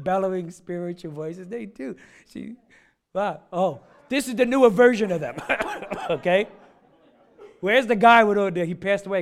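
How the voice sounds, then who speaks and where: A middle-aged man preaching a casual, joking sermon, chatty and rambling with many asides. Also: high-pitched. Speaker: pastor.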